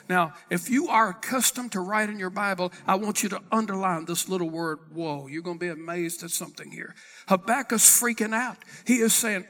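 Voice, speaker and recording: A man's voice: high-pitched, brisk, pushed and bright, big-room sound. A man preaching a sermon as pastor, acting out Bible conversations and reading scripture in old-fashioned wording. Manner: dramatic preaching, acting out dialogue with God.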